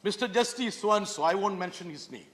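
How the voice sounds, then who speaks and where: A man's voice: high voice, expressive, brisk, fairly bright tone. A man from Kerala, giving an emphatic floor speech as a member of parliament, full of pointed rhetorical questions. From Kerala, India. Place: large parliament chamber. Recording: reverberant legislative chamber.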